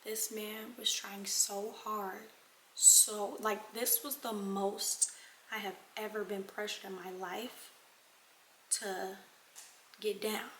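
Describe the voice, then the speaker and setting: A young woman vlogger telling a casual storytime, animated and talking straight to her viewers, sometimes dropping into dramatic whispers. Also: mid-range voice, slow pace, a little hiss or hum. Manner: addresses viewers as y'all.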